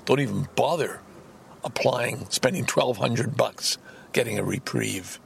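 A man's voice: medium pitch, unhurried, creaky, a little hiss or hum, voice pushed down. A man putting on a smug, dismissive male border official who sneers curt refusals. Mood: sneering.

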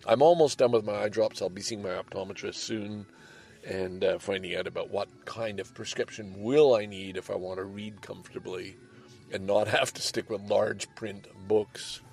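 A man's voice: lowish voice, fairly even intonation, moderate pace, gravelly, darkish tone, soft background music. An older man hosting a podcast, talking from home in a rambling, casual monologue that swings between heavy and lighthearted. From Canada. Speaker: podcast host. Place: home, by a window.

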